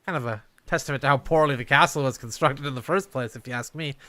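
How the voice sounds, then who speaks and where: A man performing an improvised comedy scene, delivering his lines in an earnest, deadpan way. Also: medium pitch, quick pace.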